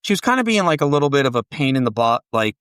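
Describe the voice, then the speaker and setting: A man in his forties appears as a podcast guest, telling rambling, profane stories in a casual chat and acting out the dialogue in an animated way. His medium-pitched voice comes rapid-fire, with a clean tone and no echo.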